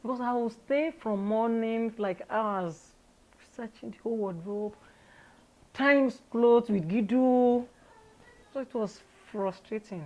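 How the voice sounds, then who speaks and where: A woman's voice: on the high side, takes it slowly, lo-fi sound. Laughing Nigerian woman telling her story. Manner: lively, candid storyteller who laughs often. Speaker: interview guest. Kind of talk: casual storytelling interview.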